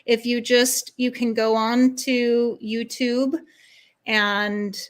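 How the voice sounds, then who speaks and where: A woman spiritual guide speaks as a talk-show guest, unhurried and fairly high in pitch. Her manner is earnest and soothing. She strings her thoughts together in long, flowing lists. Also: level tone. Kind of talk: interview answers.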